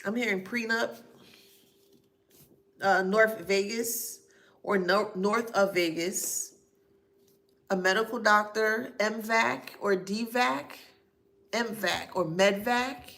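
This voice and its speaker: Bright, gravelly woman giving a psychic reading. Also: medium pitch, slow, pauses often. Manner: lists heard names and places, spelling them out letter by letter. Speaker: psychic reader. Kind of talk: channeled psychic reading to camera.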